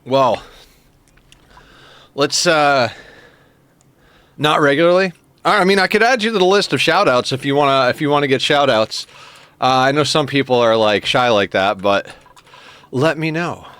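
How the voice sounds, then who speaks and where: During a casual live stream of a game, a man with a mid-range, fairly bright, smooth voice talks at normal speed with lively intonation and frequent pauses. He thanks viewers and reads their messages, laughing often and using many filler words.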